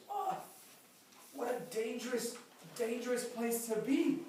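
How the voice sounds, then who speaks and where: A man's voice: very high-pitched, expressive, measured pace, long pauses, a little mellow, a little hiss or hum. A man preaching a sermon as pastor, emphatic and repeating his key phrases. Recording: very echoey hall, mic far off.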